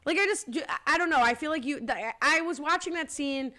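Talking fast in a high-pitched voice, a female podcast host leads a chatty, casual conversation and reads questions sent in by listeners. A crowd can be heard in the background.

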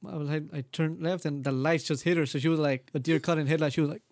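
A man's voice: fairly high pitch, fairly even intonation, fast, no room sound, clean studio sound. A man co-hosting a podcast, blunt and profane in casual chat. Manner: blunt, swears often, laughs along. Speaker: podcast co-host.

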